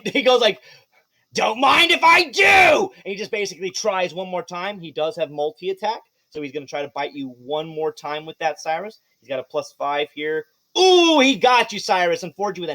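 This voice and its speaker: A man running a live tabletop game as game master, narrating with animated energy, swearing and laughing. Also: on the high side.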